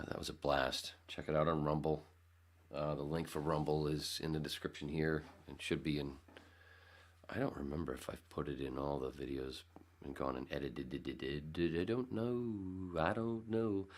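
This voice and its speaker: A man hosts his own podcast in a casual solo talk, rambling sarcastically and swearing freely. His voice is extremely low in pitch, with a slightly bright quality.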